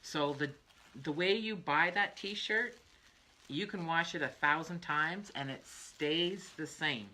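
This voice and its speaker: Chatty older woman, low and bright. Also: slow pace. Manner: chatty, laughs often, trails off into asides. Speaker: craft livestream host. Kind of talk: rambling casual chat.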